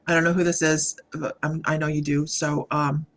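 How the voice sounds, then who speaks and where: A woman doing a live psychic reading, speaking in a halting, meandering way and greeting viewers by name as she reads their comments. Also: low-pitched, little pitch movement. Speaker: psychic medium.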